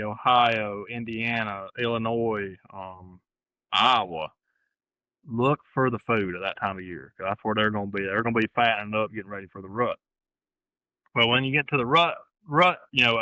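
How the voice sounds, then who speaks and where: A man's voice: medium pitch, sharp tone, no echo, highs cut off. A man with an Alabama accent, a hunting guest talking plainly and repeating himself in a casual interview. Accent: Southern American, Alabama. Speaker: guest hunter.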